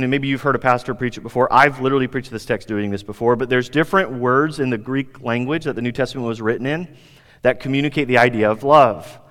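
A pastor preaching a sermon, animated, climbing higher for emphasis and dropping soft for quiet asides. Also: male voice, clear, resonant tone. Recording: long reverb of a hall.

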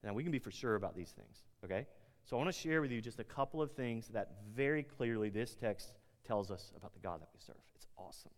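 A man preaching a sermon in a conversational way, climbing loud to stress points and dropping low and quiet to press them home. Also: animated, quick pace. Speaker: pastor. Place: large room with an audience. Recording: long hall reverb.

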